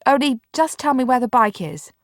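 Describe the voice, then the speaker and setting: A woman's voice: sits high, expressive, normal speed, dry recording, voice pushed up. A curt, grudging bedridden boy, as a woman reader puts him on, with exasperated patience in his tone. He sounds close and dry, in a voice a little above a typical woman's. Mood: impatient. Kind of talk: audiobook character reading.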